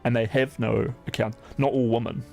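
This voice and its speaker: A man's voice: mid-range voice, flat delivery, normal speed, vocal fry, a little mellow, soft background music. A man streaming, chatting casually in a rambling, profane way, full of "like" fillers.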